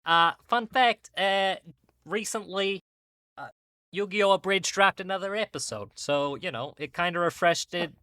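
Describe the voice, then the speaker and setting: A man's voice: high-pitched, unhurried, bright, forceful tone, clear, resonant tone, no room sound, clean studio sound. A man co-hosting a podcast in casual chat, laughing and self-deprecating. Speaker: podcast co-host.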